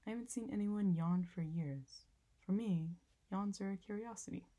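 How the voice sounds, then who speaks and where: A woman's voice: mid-range voice, normal speed, mellow, lightly acted. A woman voicing a proud, commanding old male king in a storybook reading. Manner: commanding, self-important.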